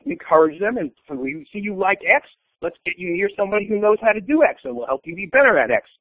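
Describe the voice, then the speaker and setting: A man's voice: high-pitched, sing-song, quick pace, no room sound. Blunt older man on a phone line. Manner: blunt, opinionated storyteller. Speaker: guest. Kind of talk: conversational interview.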